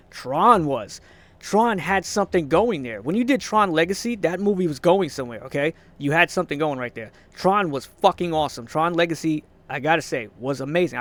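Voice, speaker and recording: A man's voice: on the high side, no room sound. A young man ranting casually about movies, frustrated and swearing, rambling with restarts and short laughs. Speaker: vlogger.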